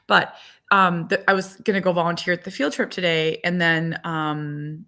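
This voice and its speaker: Casual mom vlogger, thirties, rambling and talkative into a phone at home. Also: female voice, lowish voice, steady tone, moderate pace, pushed and bright. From Minnesota. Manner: chatty, rambling, talks to viewers and dog. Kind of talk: casual livestream chat. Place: home in winter.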